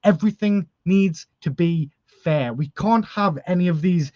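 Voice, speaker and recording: A man's voice: high-pitched, unhurried, mellow, no room sound, lo-fi sound. A man cutting a dramatic, emotional wrestling promo as general manager. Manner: dramatic, earnest, emotional outbursts.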